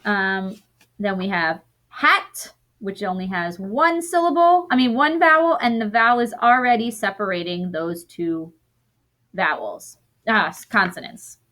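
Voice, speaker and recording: A woman teaching a recorded lesson to young students, sounding out word parts slowly and often correcting herself as she goes. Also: mid-range voice, expressive, pushed and bright.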